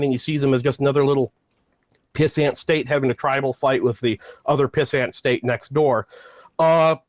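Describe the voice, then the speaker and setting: A man in casual political discussion, sardonic and measured, pushing back in an argumentative way. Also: a little high, no room sound.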